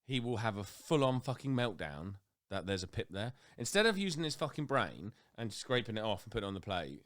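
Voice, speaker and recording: Blunt, sweary man, low voice. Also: sing-song, a little fast, fairly bright tone. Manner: blunt and sweary, jumps to high-pitched impressions. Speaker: podcast co-host. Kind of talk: casual chat.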